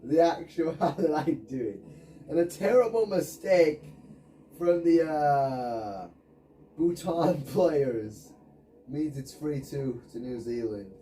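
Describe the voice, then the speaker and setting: A man's voice: fairly high pitch, lively intonation, slow, mellow, a little hiss or hum. A man commentating his own video game match, swearing and ranting at his teammates. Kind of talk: frustrated gameplay commentary. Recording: voice distant from the mic.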